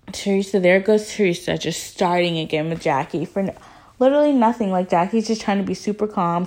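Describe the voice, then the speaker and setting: Chatty woman recapping with lively retellings. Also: lowish voice. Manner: animated storytelling, acting out quotes with "like" fillers. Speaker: reality TV recap vlogger.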